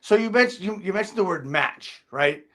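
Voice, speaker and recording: Blunt New host, a bit high. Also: male voice, animated, normal speed, sharp tone. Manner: blunt, conversational questioning. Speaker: podcast host. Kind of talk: casual podcast interview.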